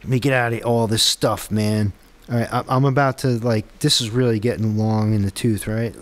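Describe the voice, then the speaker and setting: A man's voice: on the low side, fairly even intonation, moderate pace. A man testing his own app on camera, muttering to himself and rambling with frustrated, self-deprecating asides. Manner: muttering, frustrated, talks to himself while debugging. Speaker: app developer vlogger. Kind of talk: casual screen-recorded tech vlog.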